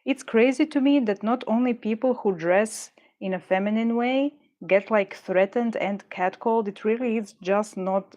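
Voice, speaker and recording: A woman's voice: on the high side, normal speed, hardly any pauses, darkish tone. A woman chatting casually while she makes jewelry, rambling and talking herself through her frustration as she works. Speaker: jewelry maker streaming her work. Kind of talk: casual chat while crafting.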